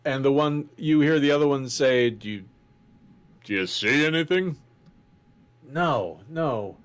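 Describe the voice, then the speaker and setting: A man running a tabletop game as game master. His voice is fairly high for a man, and he lays out each scene slowly and deliberately. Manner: deliberate, descriptive.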